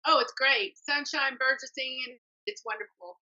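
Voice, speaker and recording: A woman's voice: sits high, normal speed, pushed and bright. A woman, a personal trainer telling her story animatedly as a podcast guest and acting out the voices she quotes. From Texas. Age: 60s. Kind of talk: storytelling in an interview. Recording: dull lo-fi remote audio.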